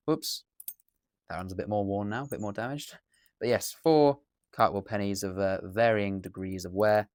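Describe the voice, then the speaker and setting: Chatty English man, lowish voice. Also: normal speed, slight background noise. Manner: chatty, rambling, self-correcting. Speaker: coin dealer and collector. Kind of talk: casual unboxing commentary. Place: indoors at a table.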